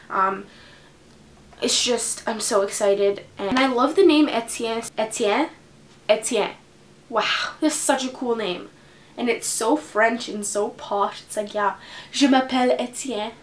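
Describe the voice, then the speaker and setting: A woman's voice: a little high, a little hiss or hum. Bubbly teenage girl chatting about books. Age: teens. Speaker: book vlogger. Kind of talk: casual chat to camera.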